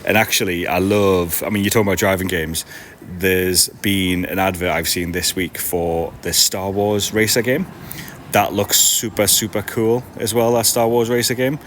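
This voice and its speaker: A man's voice: low voice, steady tone, normal speed, fairly bright tone, slight background noise. A tired man in his forties, chatting casually and self-deprecatingly on a live stream while setting up a market stall in a glass-roofed old station. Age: 40s. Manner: rambling and self-deprecating, with frequent restarts. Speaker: card seller and livestream host.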